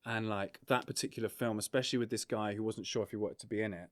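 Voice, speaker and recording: A man, a documentary filmmaker, talking in a relaxed, rambling way on a casual podcast, full of fillers and swearing. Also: on the low side, fast talker, dry recording, studio quality. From England.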